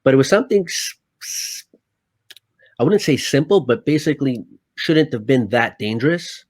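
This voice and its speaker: A man who works as a stuntman, a guest telling stories in casual, animated talk, swearing often and acting out his own lines. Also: mid-range voice, moderate pace, no echo. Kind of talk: casual storytelling.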